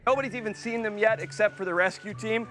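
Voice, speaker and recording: A man presenting wildlife on location, excitable and exclamatory, cooing at the animals he is showing. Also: high voice, quick pace, slight background noise.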